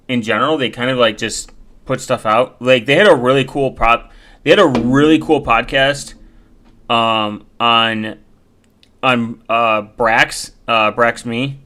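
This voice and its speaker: A man's voice: medium pitch, sharp tone. A man from the United States rambling casually while browsing, with many fillers and self-corrections.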